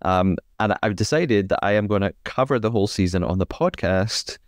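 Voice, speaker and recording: A man's voice: fairly low pitch, brisk, dry recording, studio quality. A man hosting a chatty podcast, with a hesitant way of talking full of ums and uhs and easy laughter. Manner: filler-heavy, hesitant, laughs often. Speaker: podcast host. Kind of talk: casual chat.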